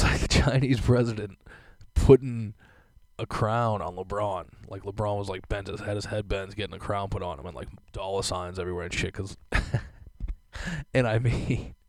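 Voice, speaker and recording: A man's voice: fairly low pitch, no room sound. A young man hosting a podcast, ranting casually with lots of fillers and swearing. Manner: profane, rambling, filler-heavy. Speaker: podcast host. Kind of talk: casual rant.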